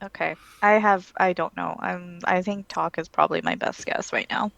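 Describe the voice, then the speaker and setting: A woman's voice: lowish voice, steady tone, normal speed, vocal fry, a bit bright, dry recording, lo-fi sound. A woman co-hosting a casual book podcast, thinking aloud and often restarting her sentences. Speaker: podcast co-host. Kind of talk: casual book-club chat.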